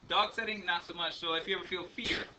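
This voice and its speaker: A man's voice: sits high, fairly even intonation, fast talker. A man teaching a math class, lecturing in a chatty, rambling way with many ums and uhs. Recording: faint room noise, speaker a bit far from the mic.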